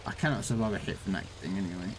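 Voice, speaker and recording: A man's voice: deep voice, rapid-fire, background noise. A man chatting casually while streaming a tank game, laughing at his own stories. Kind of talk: casual gameplay commentary.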